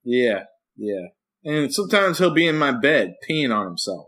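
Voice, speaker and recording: A man co-hosting a casual podcast, an animated storyteller who acts out what he says to his dog. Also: medium pitch, normal speed. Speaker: podcast co-host. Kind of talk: casual chat.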